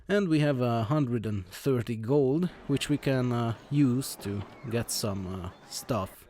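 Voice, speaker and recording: This let's play host speaks in a mellow, mid-range voice while commenting on the game he's playing. He stumbles along with frequent fillers and restarts, reading on-screen text in his ordinary voice.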